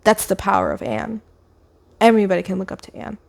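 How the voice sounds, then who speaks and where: A woman's voice: mid-range voice, very animated, a little fast, gravelly. A woman retelling a novel's plot in a casual, chatty ramble, with sarcastic asides. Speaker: book vlogger.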